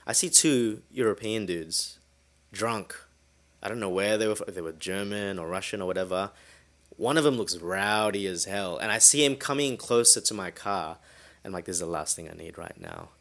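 Lower-voiced man telling a story. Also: moderate pace. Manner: casual, animated, swears freely. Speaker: podcast host. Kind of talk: solo storytelling podcast.

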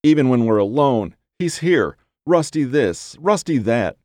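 A man's voice: mid-range voice, big pitch swings, measured pace, a little mellow, no echo, clean studio sound, voice pushed up. A man voicing a resentful, jealous young woman, raising his voice for her bitter complaints. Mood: bitter, upset. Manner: raised bitter pleading lines.

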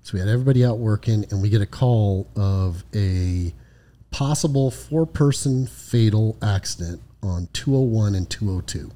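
A man, a former highway patrol lieutenant, telling a story casually on a podcast, swearing freely and tagging his lines with "right?". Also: moderate pace, warm tone. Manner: profane, frequent "right?" tag questions.

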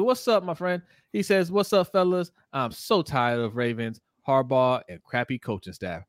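Co-hosting a sports livestream, this man reads comments aloud in a medium-pitched voice at normal speed, welcoming each viewer by name with frequent, animated laughter. The recording is dry and studio-clean.

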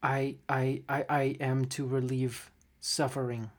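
A man voicing an earnest metal being, steady and stammering. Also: mid-range voice, unhurried, voice pushed down, close to an everyday voice.

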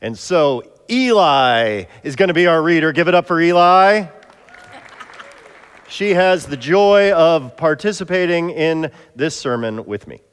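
Playful pastor, high voice, hall reverb. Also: male voice, animated, measured pace, clean tone, some chatter behind. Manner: playful, jokey, coaxing volunteers. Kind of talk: interactive sermon. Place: church sanctuary.

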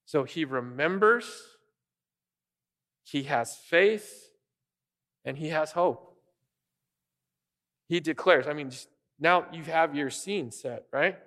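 A man preaching an earnest, animated sermon as pastor, often restarting his phrases. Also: fairly high pitch, slow pace, long pauses, big-room sound.

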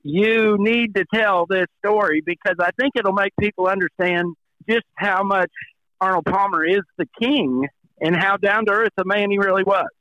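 A man's voice: high voice, moderate pace, pushed and bright, no room sound, poor audio. A man co-hosting a podcast, coaxing a guest to tell a story while giggling. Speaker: podcast co-host. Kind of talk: podcast interview.

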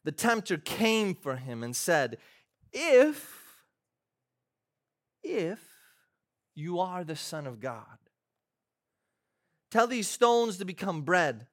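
A man's voice: sits high, very animated, takes it slowly, pauses often, fairly bright tone. A man, a pastor, preaching a sermon in a church, moving from conversational storytelling to fervent, emphatic preaching.

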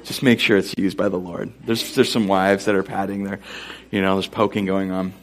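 A man's voice: low-pitched, little pitch movement, normal speed. A man preaching a sermon to a live congregation, conversational and joking in his asides. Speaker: pastor. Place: church before a live congregation.

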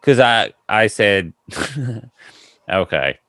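A man's voice: on the low side, extremely slow, no room sound. A man hosting a podcast, telling a long funny story in a rambling way, laughing and acting out the people in it. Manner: rambling, laughing, animated retelling with quoted voices. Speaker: podcast host. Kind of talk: casual storytelling chat.

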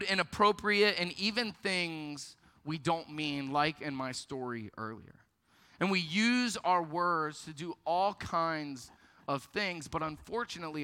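Young male youth pastor, bright forceful voice, playful storyteller. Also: a little high, clean tone. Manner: storytelling, lively, self-deprecating. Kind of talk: youth ministry sermon. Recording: long hall reverb.

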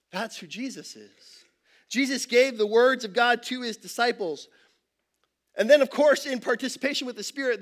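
Male pastor, light high voice, conversational sermon delivery with rhetorical questions. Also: a bit bright. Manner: conversational preaching, tells a joke with rhetorical questions. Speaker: campus pastor.

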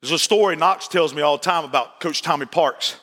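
A middle-aged man preaching a sermon, emphatic and repetitive, at times shouting his points. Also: a little high, fairly quick. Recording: long reverb of a large church hall.

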